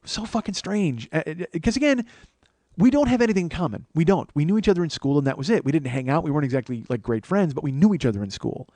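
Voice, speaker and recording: A man in his forties tells a rambling comic story at a fast clip, swearing freely and sounding put out. His voice sits a little high for a man. The recording is close and dry, with no room sound around it. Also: no echo. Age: 40s. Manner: profane, exasperated, animated retelling. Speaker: comedian and podcast host. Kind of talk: comedic storytelling monologue.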